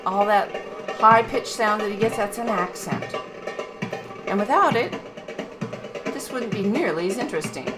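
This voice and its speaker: A woman's voice: mid-range voice, expressive, moderate pace, long pauses. A woman music teacher narrating a recorded video lecture in a chatty way, scatting rhythms aloud to point out beats. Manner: chatty, scats rhythms with "ba" and "da" sounds.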